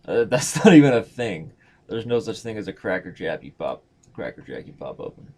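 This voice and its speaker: Low-voiced dude calling his own chess moves live, joking around, slangy. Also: sing-song, moderate pace, darkish tone. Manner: playful and slangy. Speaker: chess streamer.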